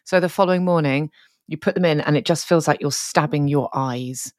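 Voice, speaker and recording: A woman co-hosting a podcast, telling stories in a chatty, animated way. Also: deep voice, brisk, no echo, clean studio sound. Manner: chatty, animated storytelling with quoted voices. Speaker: podcast co-host. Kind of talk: casual chat.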